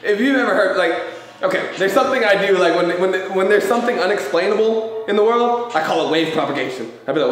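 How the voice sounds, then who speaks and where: A man hosting a live question-and-answer show, talking in a loose, animated way about feelings and life and swearing casually. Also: high voice, fast talker. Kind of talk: casual motivational chat. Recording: very echoey room.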